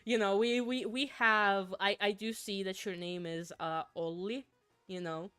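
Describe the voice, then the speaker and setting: A young woman from Finland with a mixed accent chats casually as a streamer, giggling and rambling through her sentences as she reads chat aloud. Her voice is smooth and clear at a middle pitch, recorded dry and close with faint game music underneath. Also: fairly even intonation, measured pace, fairly bright tone, no echo. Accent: mixed, not a typical Finnish one. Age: young adult. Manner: giggly, rambling, with frequent laughs and restarts. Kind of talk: casual chat while gaming, reading chat aloud.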